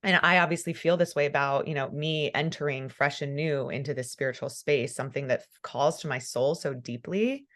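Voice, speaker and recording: A woman's voice: sits low, fairly quick, few pauses, fairly bright tone. A woman hosting a podcast interview, talking in an emotional, fervent way and laughing often. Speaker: podcast host. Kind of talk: casual conversational interview.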